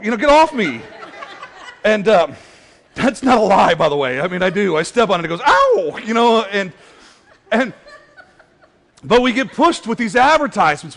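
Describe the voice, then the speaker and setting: A man preaching a sermon as pastor, conversational and joking, telling stories with quoted voices. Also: sits high. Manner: conversational, joking, animated storytelling. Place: church sanctuary. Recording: church hall reverb.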